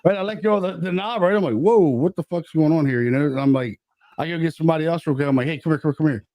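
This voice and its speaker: A man co-hosts a casual podcast chat, swearing freely and acting out his own startled reactions as he tells a story. His voice sits on the higher side. It sounds close and dry, with no room around it. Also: very fast, dark tone, dry recording. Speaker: podcast co-host.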